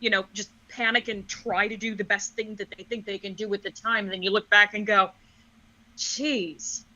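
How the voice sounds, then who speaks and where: Woman co-host, casual chat, hesitant and full of fillers, very bright tone, muffled lo-fi sound. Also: medium pitch, flat delivery, fairly quick. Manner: hesitant, filler-heavy, conciliatory. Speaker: podcast co-host. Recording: dull lo-fi audio.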